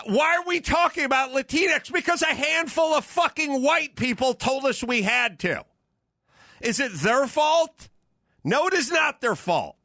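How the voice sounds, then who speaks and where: Male podcast host, fired-up profane rant, sharp bright tone, keeps hammering the same point. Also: very high voice, dry recording, studio quality. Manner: profane, emphatic, repetitive, shouting at times.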